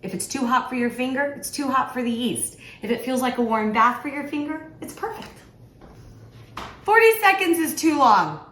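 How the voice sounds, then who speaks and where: A middle-aged woman with a fairly high voice chats casually to the camera while she cooks, making light fun of herself. She sounds echoey, as if in a bare home kitchen, with a faint ambient hum behind her. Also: expressive, brisk, hardly any pauses, fairly bright tone. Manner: chatty and self-deprecating, talking to the camera while cooking. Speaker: author and home cook. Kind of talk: casual cooking vlog.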